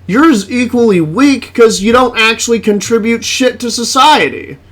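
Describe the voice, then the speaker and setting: A man's voice: very high-pitched, normal speed, fairly bright tone. A man giving casual reaction commentary on a video, blunt and profane, exasperated and laughing often.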